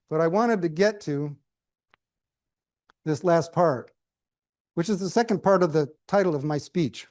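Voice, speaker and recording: A man's voice: fairly high pitch, a little slow, pauses often, a little mellow, dry recording. A middle-aged man giving a prepared speech with humorous storytelling, dry asides and questions to the audience. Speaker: club speaker.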